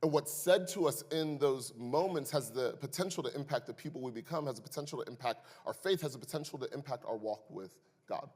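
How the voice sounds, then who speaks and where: Young guy pastor preaching, middle-pitched voice, echoey church hall, storytelling with jokes thrown in. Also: fairly quick, few pauses. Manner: animated, building to loud emphasis in stories; wry, joking asides to the congregation. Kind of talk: sermon with personal storytelling. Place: church sanctuary.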